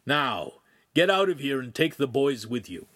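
A man's voice: medium pitch, very animated, moderate pace, a bit bright, slightly rough. A man reading an audiobook, voicing a stern, pious head of a household who gives orders. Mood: commanding.

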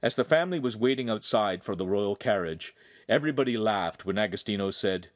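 Male audiobook narrator, lively pitch, dry close sound. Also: a little fast, dry recording. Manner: expressive storytelling. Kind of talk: scripted narration.

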